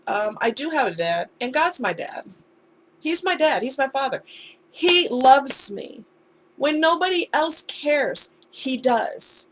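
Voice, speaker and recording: A woman's voice: high-pitched, animated, takes it slowly, slight background noise. Candid woman telling a heartfelt story. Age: adult. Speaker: vlogger. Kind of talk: casual storytime chat.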